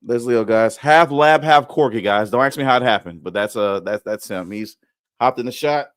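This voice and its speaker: A man co-hosting a casual wrestling chat stream, joking and animated, often stammering as he restarts his sentences. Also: medium pitch, normal speed, no echo. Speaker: podcast co-host.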